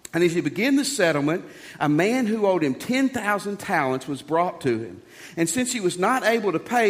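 Male pastor, sermon, lively swooping delivery, folksy, slightly high voice, long hall reverb. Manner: folksy, animated preaching with jokes and rhetorical questions.

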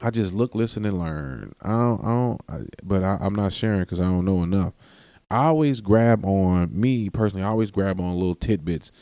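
Fairly quick and mellow, with a low-sitting voice, this solo podcast host rambles on at length, interrupting himself, laughing and swearing. The sound is clean studio audio with no room sound.

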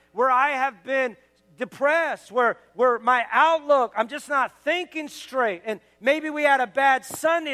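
Pastor, male, very high and bright, earnest exhorting sermon delivery, long hall reverb from the church sanctuary. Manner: earnest, exhorting, building to emphatic declarations.

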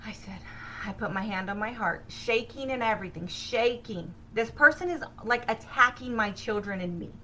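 A woman hosting a spiritual self-help podcast, telling a personal story in an animated, excitable way with sudden bursts of energy. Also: medium pitch, normal speed, slight background noise, rough recording. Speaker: podcast host.

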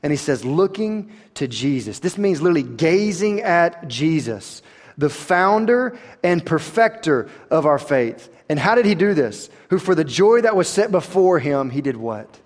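A man, preaching a sermon that swings between quiet, intense stretches and rising emphasis. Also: on the high side, sing-song, measured pace, long reverb tail. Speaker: pastor.

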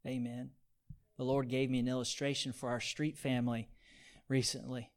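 A man preaching a sermon, asking his listeners for amens and swinging between hushed, near-whispered points and loud, pleading repetition. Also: mid-range voice, flat delivery, normal speed. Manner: call-and-response, asking the audience for amens.

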